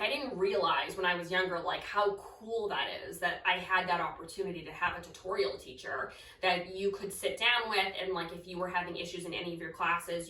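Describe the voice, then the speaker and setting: A woman's voice: lowish voice, a bit bright. Chatty young woman telling a story. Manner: chatty, lots of filler words, slips into quoted dialogue. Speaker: storytime vlogger. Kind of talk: casual storytelling. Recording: roomy, distant from the mic.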